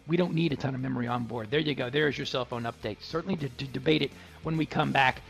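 Guy hosting a tech radio show, gravelly husky voice, jokey and chatty, faint music behind. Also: medium pitch, quick pace, fairly bright tone. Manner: chatty, joking, punning. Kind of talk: casual radio talk with ad reads.

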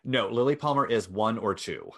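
A man's voice: lowish voice, moderate pace. A man casually telling a gossipy old-Hollywood story to a co-host, wry and dry. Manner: wry storyteller, mock posh voices for quoted people.

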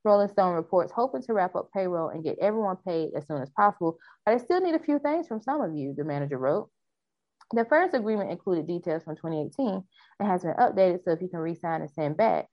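A woman's voice: on the low side, expressive, fast talker, dry recording, highs cut off. A woman co-hosting a casual talk show, reading news stories aloud and discussing them. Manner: reads news aloud, then chats loosely. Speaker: podcast co-host reading news.

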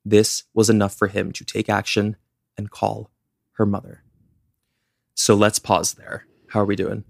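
A man's voice: on the low side, completely flat delivery, a little slow, gravelly, no room sound, studio quality. A young man co-hosting a podcast, casually telling a true-crime story with lots of "like" fillers. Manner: chatty, many "like" fillers. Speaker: podcast co-host.

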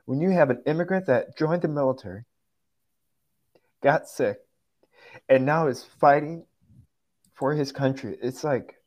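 A man's voice: a little high, unhurried, pauses often, darkish tone. A man speaking as a guest on a political talk show, emotional and close to tears, stammering and repeating phrases.

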